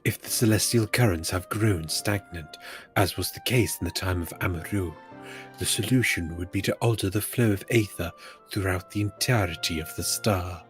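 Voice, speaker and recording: Brief: young male streamer, lowish voice, teasing, mock-grand dialogue reads, faint game music behind. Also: normal speed. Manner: teasing, mock-solemn line reading. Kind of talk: casual gaming banter mixed with dramatic readings.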